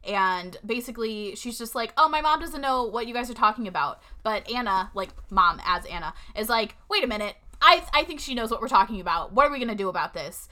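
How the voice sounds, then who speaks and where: Sarcastic young woman with a bright voice. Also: a little high, animated, brisk, few pauses. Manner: sarcastic, blunt, swears. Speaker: podcast co-host. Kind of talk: casual movie recap chat.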